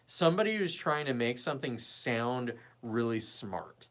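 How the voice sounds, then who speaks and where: A young man chats on his livestream in a lively voice that rises and falls a lot. He talks bluntly and swears freely, and he slips into quick imitations of other people. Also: medium pitch. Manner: animated, mimics people in quick bits; blunt and profane. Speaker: livestream host. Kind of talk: casual live chat reading viewer comments.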